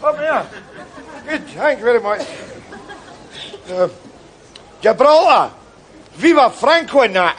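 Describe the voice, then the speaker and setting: A man's voice: extremely high pitch, big pitch swings, takes it slowly, long pauses, a bit bright, a faint crowd, a little hiss or hum, exaggerated voice. An actor playing a boastful Glaswegian man on holiday, chatty and laughing in a sitcom. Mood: cheeky. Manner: boastful, chatty, laughing, full of "you know" and "eh". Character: cocky Glasgow man on a sunny holiday. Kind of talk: sitcom acting.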